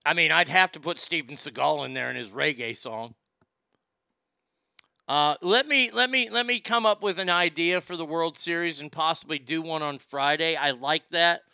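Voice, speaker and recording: A man's voice: a little high, creaky, bright, forceful tone, clean tone, no echo, studio quality. A middle-aged man hosting a show, reading listener mail in a blunt, profane, rambling way. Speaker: host.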